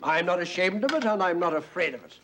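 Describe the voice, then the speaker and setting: An actor playing a drunk, boastful middle-aged Orangeman tenant, swaggering and loud. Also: high-pitched, animated, fast talker, slight background noise. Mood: blustering. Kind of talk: stage play acting.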